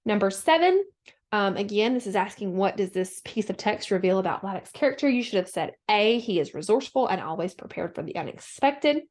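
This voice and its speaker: A woman teacher giving a recorded lesson, talking students through the steps in a steady, instructional way with frequent fillers. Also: mid-range voice.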